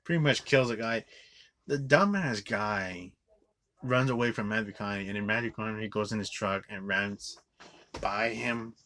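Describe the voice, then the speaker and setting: A man's voice: fairly low pitch, moderate pace, pushed and bright. A man giving a profane, rambling movie review, scornful and full of "like" fillers and restarts. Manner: swears often, scornful.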